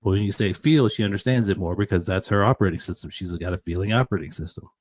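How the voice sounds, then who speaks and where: A man co-hosting a podcast, talking casually and retelling stories in an animated way. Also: low-pitched, fast talker, no echo. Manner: conversational, animated retelling of stories with acted quotes. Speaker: podcast co-host.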